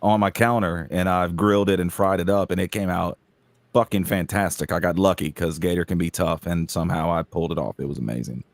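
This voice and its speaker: Deep-voiced New Orleans man, teasing. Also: fairly even intonation, a little fast, creaky, no echo. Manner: blunt, teasing, profane banter. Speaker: podcast co-host. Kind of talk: casual chat.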